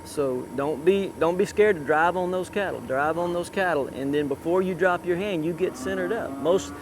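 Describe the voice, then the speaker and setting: A man with a high-pitched voice coaches a rider through a cutting run in an outdoor arena. He calls out short commands and repeats them over and over. Faint traffic and outdoor sounds sit behind him. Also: normal speed. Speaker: cutting horse trainer. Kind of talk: live riding coaching.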